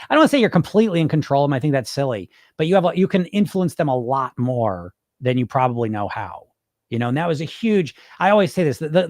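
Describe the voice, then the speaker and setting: A middle-aged man hosts a live podcast stream, talking loosely and reading viewer comments out loud, with many fillers and false starts. His mid-range voice comes through a dry, studio-quality recording in this casual live-stream talk.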